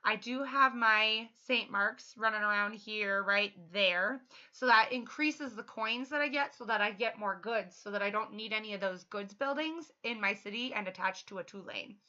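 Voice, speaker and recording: A thirty-year-old woman chatting casually while livestreaming a game, upbeat and quick to laugh. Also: medium pitch, bright, forceful tone. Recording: slightly muffled lo-fi stream audio.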